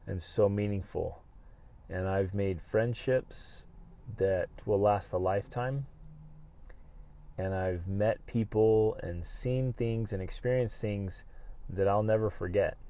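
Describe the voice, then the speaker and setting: A man's voice: fairly low pitch, no echo. Fired-up male podcast host, dry sound. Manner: animated and emphatic, acting out his own inner voice. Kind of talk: motivational podcast monologue.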